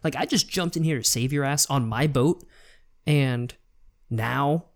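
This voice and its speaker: A laid-back man trades jokes on a casual movie podcast and slips into quick impressions. His voice sits at an ordinary middle pitch. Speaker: podcast co-host. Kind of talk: casual film discussion.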